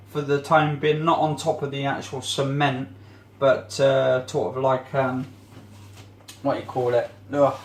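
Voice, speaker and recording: A man's voice: fairly high pitch, reverberant, a little hiss or hum. A man vlogging in a casual, rambling way while he cleans his home kitchen, often searching for words.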